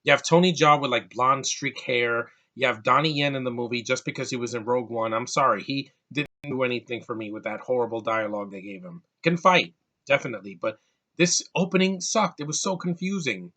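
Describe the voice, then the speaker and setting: Bright-voiced man ranting about a movie. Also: medium pitch, fairly quick. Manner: exasperated, ranting, repeats words and restarts. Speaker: movie reviewer. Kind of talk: casual movie rant.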